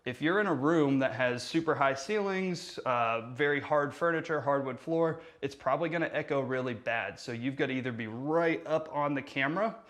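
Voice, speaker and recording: Barely pausing, a man with a mid-range voice and moderate pace leads a casual marketing tutorial, miked with a lav. He talks with his hands and keeps his inflection lively and energetic, his voice bouncing off the hard surfaces of the room.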